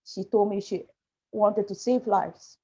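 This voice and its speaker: A woman speaking as a panel guest over a video call, halting and apologetic as she shares a painful personal story. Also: medium pitch, fairly even intonation, warm tone, breathy edge. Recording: muffled lo-fi video call audio.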